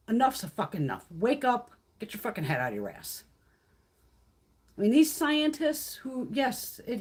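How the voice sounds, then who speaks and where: A woman in her fifties with a husky, fairly high voice that leaps all over in pitch. She chats on a casual livestream and rants bluntly with plenty of swearing, often slipping into quoted voices. The tone is loose and unscripted. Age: 50s. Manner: blunt, profane and ranting, with frequent laughs; acts out others' lines in quoted voices. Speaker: beauty livestream host.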